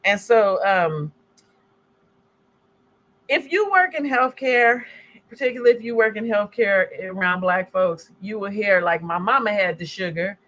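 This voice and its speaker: Animated woman giving a health talk. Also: mid-range voice, unhurried, long pauses. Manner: animated and conversational, acts out scenes. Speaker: health educator presenting slides. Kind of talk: presentation talk.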